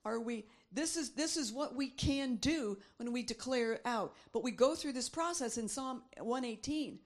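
A woman's voice: a little high, measured pace. A middle-aged woman preaching a sermon, reading scripture aloud and repeating phrases for emphasis.

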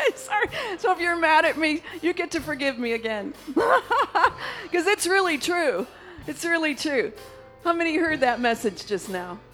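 High-voiced woman preaching, slow and exuberant. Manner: exuberant, laughing, shouting praise between calm stories. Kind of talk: charismatic sermon.

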